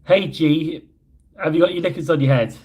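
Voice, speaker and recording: A man's voice: fairly high pitch, normal speed, a little mellow. A young man chatting casually on a livestream, reading out viewer comments and rambling about his own slips. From Yorkshire, England. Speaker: livestream host. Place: hotel room.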